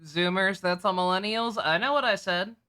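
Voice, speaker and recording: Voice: medium pitch, normal speed, pushed and bright. A streamer chatting casually while playing a game live, reading lines aloud, laughing often and grumbling wryly.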